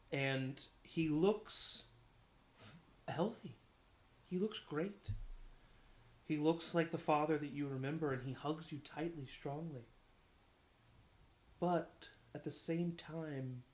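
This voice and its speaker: A man narrating a tabletop role-playing game as game master, describing scenes in a slow, measured, atmospheric way. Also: fairly high pitch, echoey room. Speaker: dungeon master.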